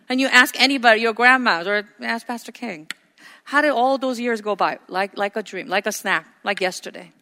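A woman in her forties preaching a sermon, moving between loud, emphatic lines and quiet, conversational asides. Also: medium pitch, brisk, in a large hall. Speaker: pastor.

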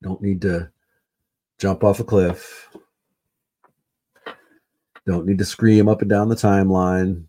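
A man's voice: sits low, level tone, slow pace, pauses often, warm tone. A man hosting a solo podcast, rambling and swearing, repeating himself with lots of fillers. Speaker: podcast host. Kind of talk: casual solo sports podcast rant.

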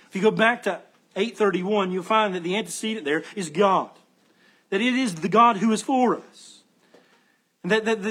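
A man's voice: sits high, slightly rough. A man preaching an expository sermon as pastor, earnest and emphatic, repeating key phrases as he explains the text like a teacher. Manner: teacherly, explains Greek word order.

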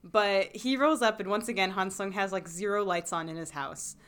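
A woman's voice: medium pitch, normal speed, fairly bright tone, clear, resonant tone. A woman co-hosting a casual podcast, giggling and acting out the characters as she recaps an episode. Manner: giggly, acts out characters in quotes. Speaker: podcast co-host.

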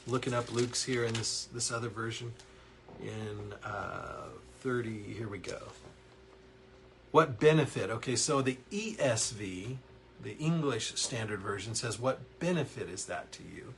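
A man's voice: on the low side, a little slow, gravelly, a little hiss or hum. Earnest man teaching a Bible lesson. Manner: earnest, animated, reads verses aloud and reacts to typed comments. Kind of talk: online Bible lesson to chat viewers. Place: counseling office.

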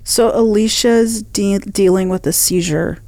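A woman's voice: mid-range voice, dark tone, no echo. A woman co-hosting a true crime podcast, reacting casually and asking questions about the case. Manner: asks questions, quick reactions. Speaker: podcast co-host.

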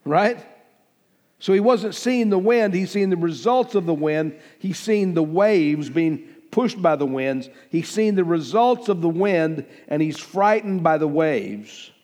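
A man's voice: fairly high pitch, lively intonation, a little slow, a little mellow. Preaching man with a raised voice in a reverberant hall. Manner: emphatic preaching, rising and falling in volume, acting out quoted speech. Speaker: pastor. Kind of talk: sermon.

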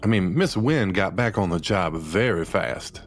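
A man playing in a tabletop role-playing game, throwing in quick joking asides. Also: low voice, expressive, soft background music. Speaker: player. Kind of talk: casual tabletop role-play.

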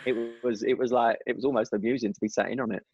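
A man's voice: medium pitch, steady tone, fast talker. A man telling racing stories in a casual interview, rambling with many restarts. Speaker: guest, former motorcycle racer. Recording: dull dry sound.

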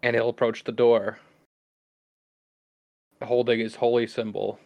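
A man from Wisconsin playing a tabletop game, calmly describing his character's actions. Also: mid-range voice, measured pace, creaky, no echo, highs cut off. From Wisconsin, United States.

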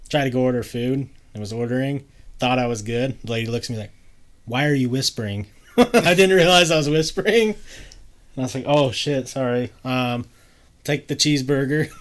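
Male host, relaxed casual storyteller, easy laugh, mid voice. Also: mid-range voice, a little fast. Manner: laid-back, laughs often, fillers like "like". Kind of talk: casual chat.

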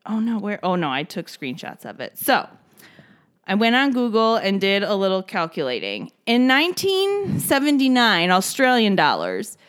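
A woman's voice: medium pitch, huge pitch swings, moderate pace, fairly bright tone. A woman co-hosting a casual podcast, recapping a movie with laughter and swearing, acting out the characters' lines. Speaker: podcast co-host.

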